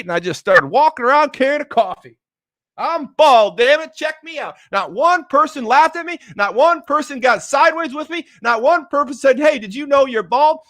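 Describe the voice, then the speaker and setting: Excitable high-voiced man giving a motivational talk. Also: no echo, clean studio sound. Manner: excitable, emotional, repeats phrases for emphasis; swings from low quiet emphasis to loud excited bursts. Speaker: motivational speaker.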